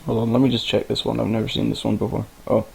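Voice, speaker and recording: A man's voice: fairly low pitch, level tone, quick pace, gravelly, a little mellow, husky, low-quality recording. Casual young man walking through a game editor. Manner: rambling, informal, swears casually. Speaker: game tutorial maker. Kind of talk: casual screen-recorded game tutorial.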